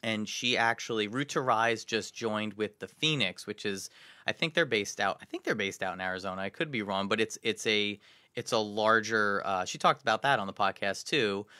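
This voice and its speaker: A man co-hosting a casual local podcast, rambling with many restarts and trailing off quietly. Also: fairly low pitch, moderate pace, no echo. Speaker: podcast co-host. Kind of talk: casual chat.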